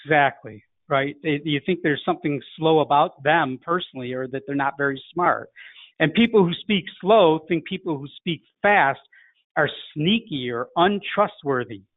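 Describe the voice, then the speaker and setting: A fairly high-pitched middle-aged man talks at normal speed in a Chicago accent; he comes from Chicago. He coaches a sales lesson straightforwardly, demonstrating phone greetings. The recording has a thin, phone-like quality and no echo.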